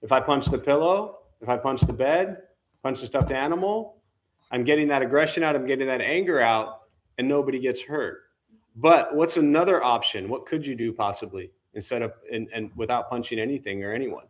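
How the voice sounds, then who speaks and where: A man's voice: medium pitch, fairly quick. Man teaching with questions. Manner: conversational, asks the listeners questions. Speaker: meditation teacher. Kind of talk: informal dharma talk with questions. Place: temple meditation hall.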